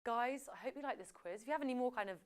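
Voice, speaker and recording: A woman's voice: fairly high pitch, racing, smooth. A young woman hosting a live quiz show, chatty and playful, with self-correcting asides. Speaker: quiz host.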